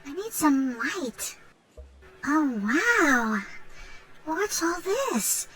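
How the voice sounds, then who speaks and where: A woman's voice: high-pitched, big pitch swings, very slow, heavy background noise, exaggerated voice. An actress voicing a curious, nervous young woman in a video game, speaking hesitantly.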